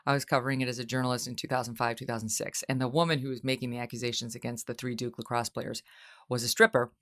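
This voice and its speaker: A middle-aged woman hosting a talk show, chatting casually and telling lively stories in which she acts out quoted voices. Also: a bass voice, quick pace. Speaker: host. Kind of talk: casual chat.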